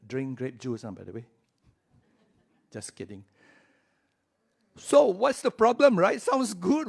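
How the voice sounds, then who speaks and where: Slow-talking man preaching conversationally. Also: high-pitched, big pitch swings, vocal fry, breathy edge. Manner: conversational, checks in with listeners. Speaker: pastor. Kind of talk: sermon. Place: church.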